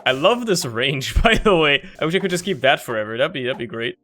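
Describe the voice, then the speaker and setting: A man's voice: fairly high pitch, fairly quick, faint music behind. A young man giving casual, slangy commentary on his own gameplay, often laughing and getting worked up over what happens in the game. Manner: animated, laughing, slangy, talks to himself while playing. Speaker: gaming YouTuber.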